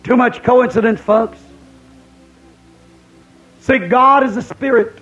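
A man's voice: extremely high pitch, slow, a bit bright, muffled recording, soft background music. A man preaching a camp-meeting sermon, emphatic and repeating his points.

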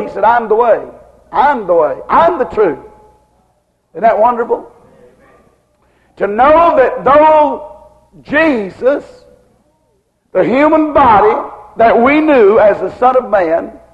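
A man preaching a sermon in a rhythmic style, asking the congregation rhetorical questions again and again. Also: very high-pitched. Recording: muffled recording with long hall reverb.

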